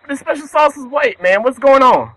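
A man's voice: very high voice, animated, fairly quick, bright, forceful tone, no echo, exaggerated voice, rough recording. A man playing a rambling, indignant prank caller. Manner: rambling complaint. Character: indignant male fast-food customer on a prank call.

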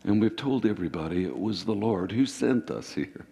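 A man preaching a sermon as pastor, with sudden emphatic rises and quick bursts. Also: fairly low pitch, lively intonation, gravelly, warm tone, slightly rough. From Ireland. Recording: hall reverb.

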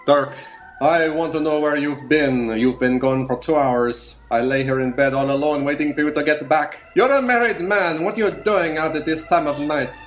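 A man's voice: a little high, normal speed, soft background music, close to an everyday voice. A man playing a fretful, jealous married man in an improvised radio comedy. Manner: fretful, dramatic.

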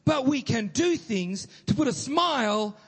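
A man delivers an energetic sermon in a high, slightly husky voice, stumbling and restarting as he goes. The sound rings with long reverb from a large hall. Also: a little slow. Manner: energetic, animated, with many restarts. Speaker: pastor.

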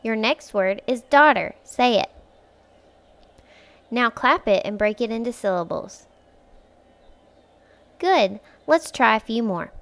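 Lady teacher doing a kids phonics lesson, slow and clear, breaks words into bits, encouraging. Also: on the high side, animated, a bit bright. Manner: patient and encouraging, stretches words out syllable by syllable. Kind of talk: slow, clear instructional speech for young children.

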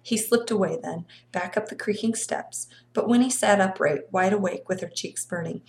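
A woman reading a novel aloud with expressive storytelling. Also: medium pitch, moderate pace, vocal fry, slight background noise. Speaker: reader of a novel.

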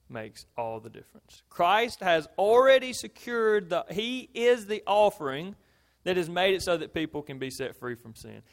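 Earnest male preacher, slightly high voice. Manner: earnest, rises to emphatic then drops low. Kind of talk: sermon.

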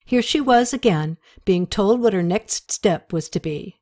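A woman narrates an audiobook chapter at a medium pitch. She tells the story in a steady, expressive way. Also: measured pace.

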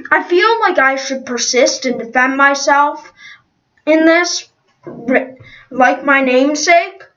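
A woman's voice: sits high, takes it slowly, a bit bright, lo-fi sound. Woman voicing a proud older racer. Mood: defiant. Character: older contestant, defiant and proud.

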